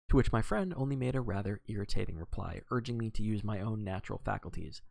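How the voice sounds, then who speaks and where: A man reading a novel aloud on a live stream in an expressive way, with occasional slips and self-corrections. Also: fairly low pitch, fast talker, vocal fry, hardly any pauses, dry recording, rough recording. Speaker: reader.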